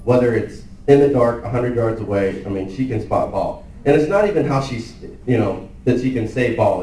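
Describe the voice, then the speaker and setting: A man's voice: medium pitch, warm tone, slight background noise. A young man telling a comedy story at an office party, chatty and rambling with lots of fillers. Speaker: employee doing a stand-up skit. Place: office holiday party, indoors. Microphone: far camera. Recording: echoey party room, far from the mic, faint ambience.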